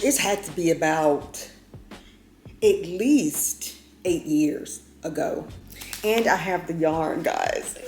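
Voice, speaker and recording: Chatty woman in her fifties, roomy echo. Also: fairly low pitch. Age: 50s. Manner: chatty, folksy, keeps calling viewers y'all. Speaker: vlogger. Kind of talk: casual chat to camera.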